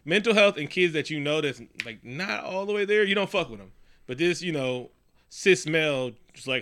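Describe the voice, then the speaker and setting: Animated, profane man recapping a film. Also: on the high side, moderate pace. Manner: animated, profane, storytelling with voices. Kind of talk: casual movie recap chat.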